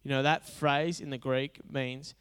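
A man's voice: medium pitch, flat delivery, measured pace, fairly bright tone, clean tone. Resonant-voiced male pastor preaching. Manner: conversational, humorous, builds to emphatic repetition. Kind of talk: sermon.

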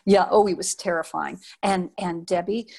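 An older woman from Nevada, a former showgirl dancer, reminiscing in an interview. She is a lively storyteller who acts out quotes and often restarts her sentences. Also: fairly low pitch, normal speed, vocal fry.

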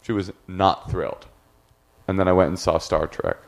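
A man, a film director, telling a story as a podcast guest, animated, breaking into shouted impressions. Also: deep voice, normal speed, gravelly. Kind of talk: casual storytelling chat.

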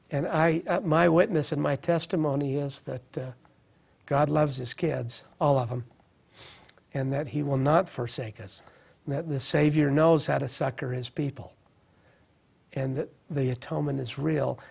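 Gravelly, husky man giving earnest testimony. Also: on the high side, a little mellow. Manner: earnest, reflective, with restarts. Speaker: guest sharing recovery story. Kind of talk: personal testimony in interview.

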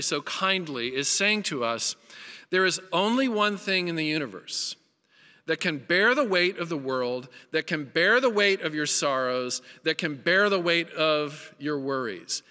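A pastor delivers a sermon with earnest, emphatic force, his bright tone ringing through a hall with long reverb. His voice is a little high for a man, and he drives his points home by repeating them.

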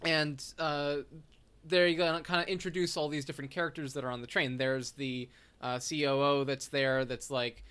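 Male co-host, slightly high, bright and crisp voice, meandering plot recap. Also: little pitch movement, moderate pace. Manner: rambling, many fillers and restarts while recapping a plot. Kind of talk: casual movie chat.

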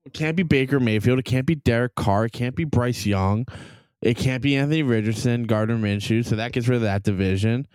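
A man's voice: mid-range voice, a little fast, darkish tone, clear, resonant tone, no echo, studio quality. A man co-hosting a casual sports podcast, blunt and argumentative, swearing freely as he talks. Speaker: podcast co-host. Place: basement at home.

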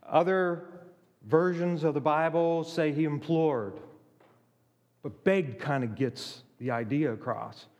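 A man preaching a sermon, emphatic, with dramatic pauses and acted-out quotes. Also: a little high, darkish tone, in a large hall.

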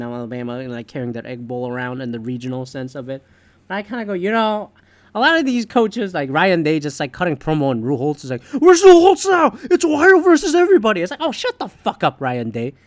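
A man's voice: on the high side, clear, resonant tone, dry recording. A man hosting a podcast, delivering a heated, profane, opinionated sports rant in casual talk. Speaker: podcast host.

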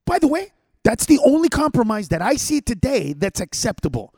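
A man's voice: very high-pitched, a little fast, gravelly, husky, no room sound, clean studio sound. A man who is a stand-up comedian, ranting in casual podcast chat, full of swearing. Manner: profane, animated ranting.

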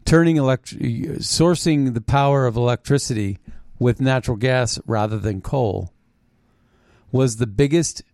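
A man hosting a political commentary show, talking in a mocking, halting way with frequent restarts. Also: mid-range voice, a little mellow, dry recording, clean studio sound. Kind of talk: opinionated commentary monologue.

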